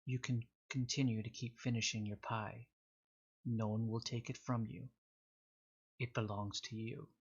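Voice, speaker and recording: A man voicing a disembodied presence that coaxes a listener with offers of power, speaking softly and slowly. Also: mid-range voice, flat delivery, husky, lo-fi sound. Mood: coaxing. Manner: soft, coaxing, slow.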